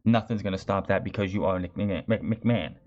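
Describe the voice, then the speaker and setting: A man's voice: deep voice, quick pace, a little mellow. A man reviewing a wrestling show in a chatty, sarcastic way, often restarting his phrases. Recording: dull lo-fi recording.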